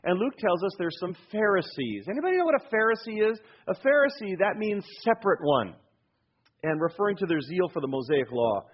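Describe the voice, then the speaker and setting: A male pastor preaching a sermon in a church, emphatic, moving between loud urging and low, hushed points. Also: sing-song, fairly quick, husky, dull audio. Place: church sanctuary.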